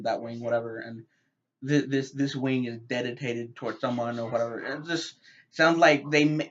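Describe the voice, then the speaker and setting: A man's voice: mid-range voice, fairly bright tone. Male reviewer, casual and rambling, stumbles over words; slightly muffled home recording. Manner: rambling, many fillers and repeated words. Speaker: TV show reviewer.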